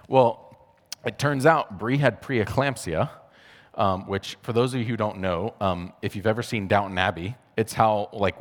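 Low-voiced man in a reverberant hall. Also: a bit bright. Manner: conversational, filler-heavy, acts out dialogue. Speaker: speaker sharing a personal testimony. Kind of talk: testimony talk.

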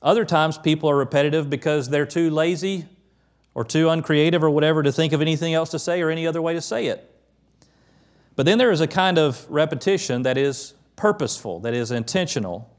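A man's voice: on the high side, fairly quick. Man preaching a conversational sermon. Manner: conversational preaching, with animated bursts when quoting prophets. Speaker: pastor.

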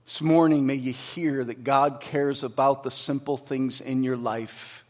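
A middle-aged male pastor preaching a sermon, swinging from loud, emphatic lines to hushed, quiet asides. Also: medium pitch, steady tone, unhurried.

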